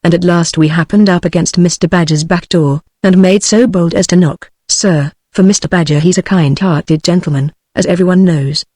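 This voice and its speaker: A text-to-speech British woman's voice reading the lines of a polite young male hedgehog in even, synthetic tones. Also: fairly low pitch, moderate pace, few pauses, dry recording, clean studio sound, lightly acted. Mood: respectful. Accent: British English.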